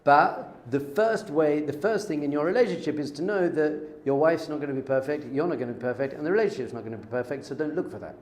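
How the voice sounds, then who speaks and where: A middle-aged man, a rabbi teaching an informal Torah class, lively and joking, acting out little dialogues. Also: fairly high pitch, fast, hardly any pauses. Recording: echoey room with faint noise.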